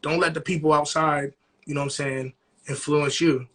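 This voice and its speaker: A man's voice: a little high, flat delivery, moderate pace, fairly bright tone. A young man co-hosting a podcast, chatting casually and animatedly, often asking "you know what I'm saying". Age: young adult. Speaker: podcast co-host. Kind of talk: casual chat.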